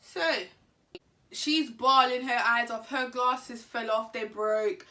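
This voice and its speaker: A woman telling a story to camera in an animated, slangy, laughing way. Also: a little high, slow pace, distant mic, slight background noise. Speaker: vlogger. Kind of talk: casual storytime.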